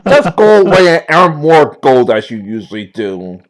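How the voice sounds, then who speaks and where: A man's voice: fairly high pitch, very animated, moderate pace. A man voicing a cornered young male street gang thug who talks whiny, defiant and uneducated.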